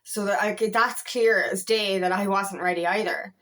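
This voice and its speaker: A woman's voice: medium pitch, steady tone, normal speed, a bit bright. Woman ranting to camera about her love life, blunt, swears a lot, keeps saying you know what i mean. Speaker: feminine empowerment coach. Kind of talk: casual spiritual talk to camera.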